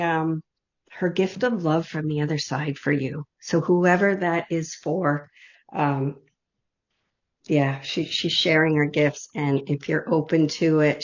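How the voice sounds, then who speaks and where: Woman, low voice, gentle heartfelt channeled reading, loose run-on phrasing, dull lo-fi video call sound. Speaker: intuitive reader leading an online group session.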